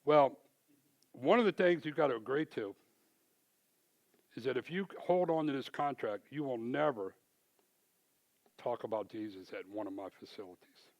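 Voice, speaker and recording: A man quoting an arrogant male company owner in a curt, louder voice. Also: on the low side, level tone, fairly quick, few pauses, highs cut off, close to an everyday voice.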